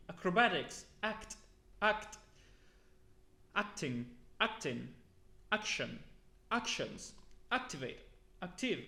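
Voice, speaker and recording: Man, slightly high voice, lively pitch, reading a word list aloud, echoey room. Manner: slow, deliberate word-by-word reading. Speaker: YouTuber.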